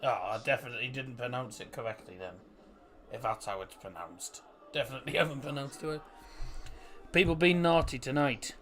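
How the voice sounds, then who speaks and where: A man's voice: mid-range voice, brisk. A young man hosting a live football watchalong, reading chat and reacting to the match. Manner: excitable, rises to shouts at chances; fumbles over name pronunciations.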